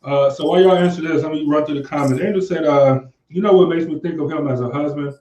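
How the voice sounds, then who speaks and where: A man's voice: fairly high pitch, fast, warm tone. Laid-back man in an echoey room. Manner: laid-back, repeats himself, trails off with "like". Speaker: podcast co-host. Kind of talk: casual chat reading viewer comments.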